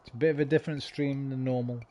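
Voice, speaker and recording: A man streaming games, tipsy and slightly slurring, rambling and swearing, swinging from loud bursts to low mumbles. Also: steady tone, fast talker, muffled recording, faint music behind. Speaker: game streamer. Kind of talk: casual stream chat.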